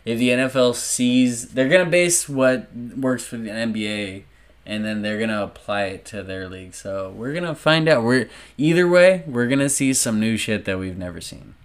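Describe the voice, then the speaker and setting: A man talking as a podcast guest, rambling and animated, swearing freely. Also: mid-range voice, moderate pace, clear, resonant tone. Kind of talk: casual chat.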